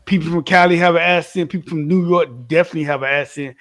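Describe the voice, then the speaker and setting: A man's voice: on the high side, fairly even intonation, fast, a crowd in the background. A man co-hosting a podcast, blunt and opinionated, repeating his points in casual chat. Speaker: podcast co-host.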